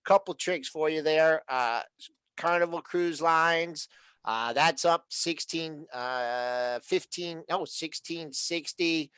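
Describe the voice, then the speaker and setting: A man co-hosting a stock show, explaining trading tips step by step in a relaxed, casual way. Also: fairly high pitch, slow pace, clear, resonant tone, no echo. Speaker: co-host and trading chart guy.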